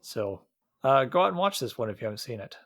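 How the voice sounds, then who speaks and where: A man's voice: mid-range voice, very animated, quick pace, dry recording. A man from Iowa co-hosting a podcast, chatting casually about a movie with many fillers and restarts. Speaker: podcast co-host.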